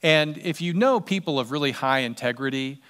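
A middle-aged man preaching a sermon as pastor, animated and acting out quoted voices with sudden loud jumps. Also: fairly high pitch, normal speed, clean tone.

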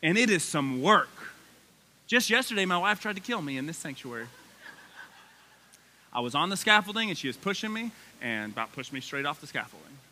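A man in his thirties preaching a sermon in a church sanctuary, folksy and animated, his excitement building as he talks. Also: a little high, a little fast, a little hiss or hum. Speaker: pastor.

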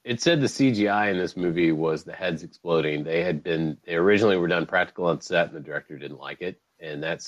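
Animated, low-voiced podcast man. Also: no room sound, poor audio. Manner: animated, swearing, laughs often. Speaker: podcast host. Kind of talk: casual chat.

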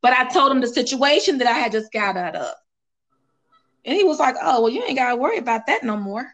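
Singer guest, woman, bright higher voice, animated storyteller who acts out dialogue. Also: fairly quick. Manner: animated, quotes others, repeats phrases for emphasis. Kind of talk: casual interview, emotional storytelling.

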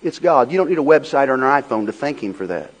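A man preaching a sermon. He swings between loud, rhythmic, repeated phrases and a low, quiet storytelling tone, over faint music. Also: very animated, fast talker, poor audio. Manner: swells into loud, rhythmic repetition. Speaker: pastor.

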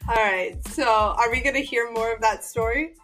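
A woman's voice: a little high, moderate pace, a bit bright. A woman co-hosting a podcast in casual chat, giggly and eager. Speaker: podcast co-host.

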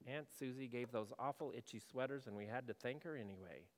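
A male pastor preaching a sermon in a conversational way, asking the congregation questions and moving between loud and hushed delivery. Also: medium pitch, animated, normal speed, long reverb tail.

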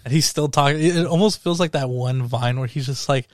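A man co-hosting a casual film-review podcast, animated, laughing often and swearing freely. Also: mid-range voice, brisk, dry recording, studio quality. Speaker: podcast co-host.

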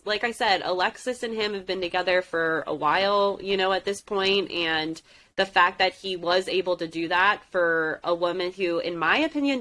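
A woman's voice: mid-range voice, pushed and bright. A woman co-hosting a podcast in casual chat, giving emphatic, opinionated takes on a reality dating show. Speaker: podcast co-host.

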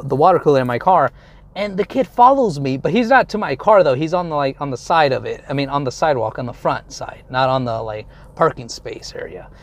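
A young adult man telling a story in a casual monologue, rambling along with lots of fillers and casual swearing. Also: a little high.

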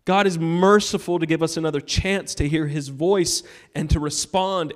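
A male pastor giving a sermon, telling a personal story and urging the congregation, moving between loud appeals and hushed moments. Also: on the high side, fairly even intonation, normal speed, few pauses. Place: church sanctuary.

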